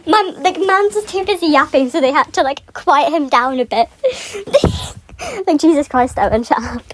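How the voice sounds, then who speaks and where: A woman's voice: high voice, sing-song, unhurried, rough recording. A woman on a casual, rambling rant about a fan series, full of tangents and frequent laughter. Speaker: fan commentator.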